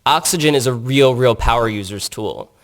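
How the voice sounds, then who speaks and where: A man's voice: medium pitch, moderate pace. A man giving a technical conference presentation, explaining in an earnest way with frequent restarts and fillers. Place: conference room.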